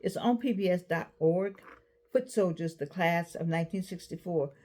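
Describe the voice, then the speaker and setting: A woman in her eighties talking casually to camera, giving advice with animated repeats and restarts. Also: lowish voice, normal speed. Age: 80s. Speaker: vlogger.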